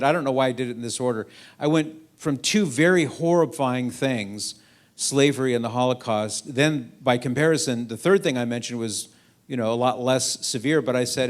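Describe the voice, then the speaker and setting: A middle-aged man gives a lively storytelling talk to a school crowd. His voice sits at an ordinary pitch. He swings it up and down as he acts out the other people in his stories. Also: fairly quick. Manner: animated anecdote-telling, acts out quoted voices. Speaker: guest speaker. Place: school event hall.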